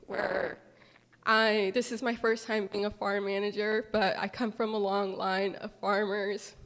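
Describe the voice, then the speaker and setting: A young woman from Southern California, a farm manager, speaking at a public gathering in a halting, tearful, apologetic way. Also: medium pitch, little pitch movement, fairly bright tone. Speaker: farm manager sharing a personal story. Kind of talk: emotional public testimony. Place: large hall at a community gathering. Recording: long hall reverb.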